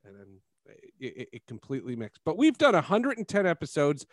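A man hosting a sports podcast, telling stories in a casual, animated way and laughing often. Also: fairly high pitch, fairly quick, dry recording. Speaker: podcast host.

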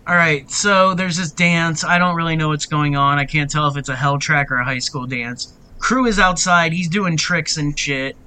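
A woman's voice: low-pitched, moderate pace. A woman co-hosting a podcast, recapping a film in casual, profane, laughing chat. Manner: profane, laughing, animated retelling. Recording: remote call audio.

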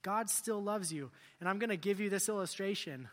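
A male youth pastor preaching a sermon in an animated, joking way, asking the group questions. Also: high-pitched, brisk, long reverb tail. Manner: animated, jokey, asks the crowd questions.

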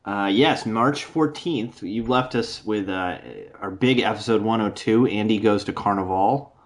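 A young man trading banter on a podcast with dry, deadpan one-liners. His voice sits a little low for a man, and his sardonic quips come in short, flat bursts. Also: measured pace. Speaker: podcast co-host. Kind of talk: casual comedic podcast banter.

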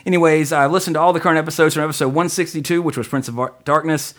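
Fast-talking man reading listener emails. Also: fairly high pitch, steady tone, fairly bright tone. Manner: fast-talking, trips over words, self-deprecating. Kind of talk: casual podcast chat.

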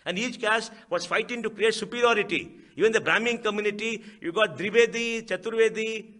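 A man's voice: high voice, brisk, sharp tone. A man with an Indian accent giving a public speech at a book event, emphatic, asking rhetorical questions and repeating key phrases. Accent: Indian English.

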